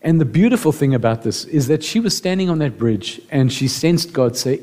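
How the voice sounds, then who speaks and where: A man's voice: mid-range voice, big pitch swings, moderate pace, few pauses, darkish tone. A man preaching a sermon as pastor, emotional and building to impassioned appeals.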